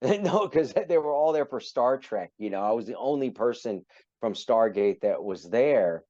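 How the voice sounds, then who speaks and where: A middle-aged man telling a story as a guest in a casual interview, animated and acting out the people in it. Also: medium pitch, normal speed, dry recording, muffled recording. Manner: animated, acts out voices in his anecdote. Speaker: podcast guest, actor.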